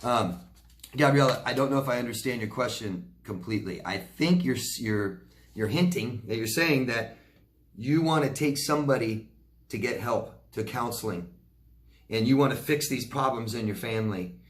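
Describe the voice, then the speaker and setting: A man's voice: medium pitch, moderate pace. A man answering viewer questions as a recovery coach, talking directly and reassuringly and often checking in with "okay?". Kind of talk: casual Q&A advice talk.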